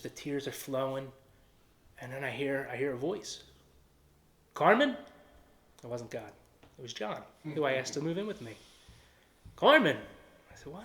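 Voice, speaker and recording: A man with a Philadelphia-area accent giving an earnest personal testimony and acting out quoted dialogue. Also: on the high side. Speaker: testimony speaker.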